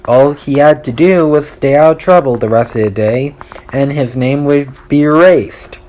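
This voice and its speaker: A man reading a children's storybook aloud, telling it in a slow, deliberate way. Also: mid-range voice, a little mellow. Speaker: audiobook reader.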